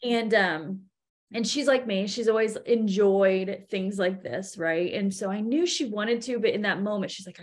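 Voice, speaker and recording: A woman in her thirties, a podcast guest, telling stories about her daughters in an animated way and acting out what people said. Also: mid-range voice, moderate pace. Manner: animated storytelling, acts out quotes. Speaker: podcast guest, event co-founder. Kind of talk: casual interview chat.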